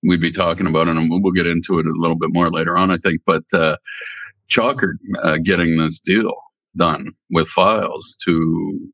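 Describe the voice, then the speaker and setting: A newspaper editor chatting on a podcast, rambling and laughing often. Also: male voice, low voice, steady tone, normal speed, fairly bright tone, no room sound. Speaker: newspaper editor, regular guest. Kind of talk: casual podcast chat.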